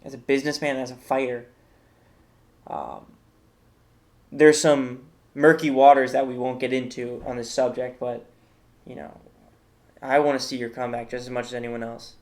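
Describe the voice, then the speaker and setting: A male host works through a comedic tier list in a rambling, mock-serious way, often stopping on fillers and restarts. His voice sits at an ordinary middle pitch for a man. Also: little pitch movement, moderate pace, darkish tone.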